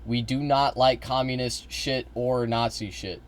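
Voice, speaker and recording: A young man streaming, reacting to a video in a rambling, halting way, with casual swearing. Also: medium pitch, little pitch movement.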